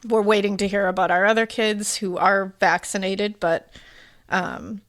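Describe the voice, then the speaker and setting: A woman's voice: medium pitch, steady tone, measured pace, a bit bright. Woman, podcast co-host; casual, emotional, rambling storyteller, mid-range voice. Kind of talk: casual chat.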